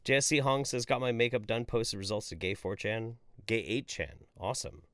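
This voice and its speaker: A man's voice: fairly low pitch, moderate pace, fairly bright tone, no echo, studio quality. A man hosting a live stream, reading chat messages aloud in a jokey, casual way and swearing freely.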